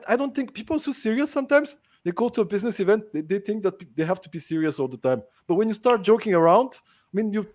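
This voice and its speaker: A man's voice: high voice, a little mellow. A man hosting a podcast, talking in a chatty, casual way with many fillers. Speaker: podcast host.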